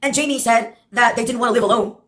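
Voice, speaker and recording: A woman's voice: fairly high pitch, quick pace, a bit bright. A woman from Texas in a rambling, sarcastic monologue, swearing and laughing often as she jumps between topics. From Brownsville, Texas.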